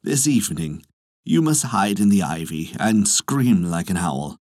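A narrator voicing a stingy, anxious male priest in a folktale, in a slower and lower voice than their own. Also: lively intonation, a little mellow, dry recording, clean studio sound. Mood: fretting.

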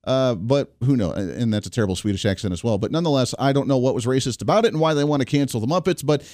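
A man hosting a talk radio show, animated and sarcastic in delivery. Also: mid-range voice, very fast, no echo, studio quality.

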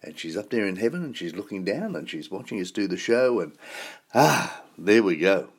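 A man's voice: deep voice, sing-song, normal speed, breathy edge. A man with an Australian accent hosting a radio show in a folksy, chatty, upbeat way. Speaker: radio host. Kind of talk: casual radio chat.

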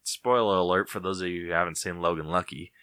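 A man's voice: low voice, steady tone, fast talker, pushed and bright, smooth, no room sound, studio quality. A man co-hosting a podcast, chatting casually and rambling with frequent laughter. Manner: laid-back, rambling, laughs often. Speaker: podcast co-host. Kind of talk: casual chat.

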